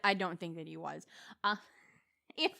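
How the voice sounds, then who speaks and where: A woman's voice: on the low side, steady tone, normal speed, vocal fry, sharp tone, dry recording, clean studio sound. A young woman co-hosting a podcast, chatting casually about a movie, with lots of fillers and restarts. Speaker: podcast co-host. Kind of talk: casual movie review chat.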